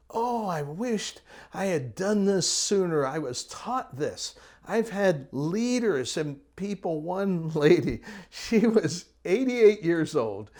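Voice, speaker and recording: A middle-aged man telling personal testimony stories as a ministry teacher, earnest, sometimes falling to a soft whisper. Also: fairly high pitch.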